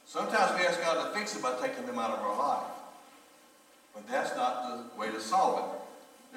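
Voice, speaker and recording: This middle-aged pastor's sermon comes through from far away in an echoey church sanctuary. With a fairly high, bright, forceful voice, he shares folksy stories and speaks plainly to the congregation before him.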